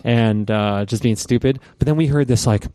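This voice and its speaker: A man's voice: medium pitch, moderate pace, dry recording. A man co-hosting a casual podcast, telling a long story with lots of swearing and acting out other people's voices. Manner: lively, profane, animated storyteller who acts out voices. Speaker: podcast co-host.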